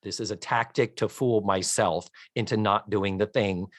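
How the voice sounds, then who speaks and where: A man's voice: lowish voice, steady tone, moderate pace, no echo, clean studio sound. A middle-aged man hosting a podcast, chatty and wry, swearing offhandedly while he reads out a synopsis. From United States. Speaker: podcast host. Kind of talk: casual chat and reading a synopsis.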